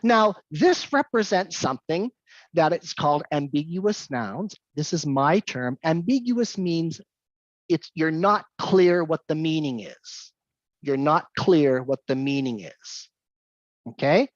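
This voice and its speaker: A woman giving an English-teaching talk, telling a story with animated delivery and repeating her key points. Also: sits low, slow pace, no echo, muffled recording. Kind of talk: lecture with anecdote.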